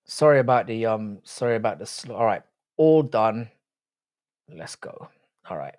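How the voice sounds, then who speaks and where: A man's voice: fairly low pitch, expressive, brisk, a little mellow, no echo, clean studio sound. A man hosting a live stream in casual chat, swearing freely and bantering with his viewers.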